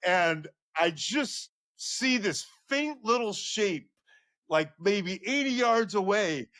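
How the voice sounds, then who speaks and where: A middle-aged man, a sports journalist and podcast guest, telling a long story with rising excitement. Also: takes it slowly, dry recording, studio quality. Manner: excitable, voice climbs high when reliving moments. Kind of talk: animated storytelling.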